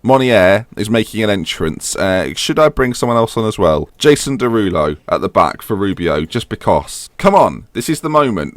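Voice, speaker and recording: Animated young man grumbling over a football game. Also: mid-range voice, no room sound. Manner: animated, swings from grumbling to yelling at goals. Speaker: gaming YouTuber. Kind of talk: commentary while playing a football manager game.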